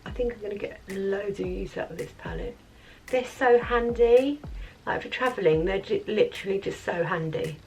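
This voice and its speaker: A woman vlogger chatting in a rambling way through a makeup tutorial at her office, sometimes dropping to soft murmurs. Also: mid-range voice. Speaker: beauty vlogger. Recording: mic at a distance, faint background music.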